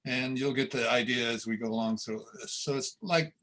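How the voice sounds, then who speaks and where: An easygoing man hosting a casual livestream, talking in a relaxed, meandering way with plenty of fillers. His voice sits at a middling pitch. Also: moderate pace, rough recording. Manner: easygoing, full of fillers and chuckles. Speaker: show host.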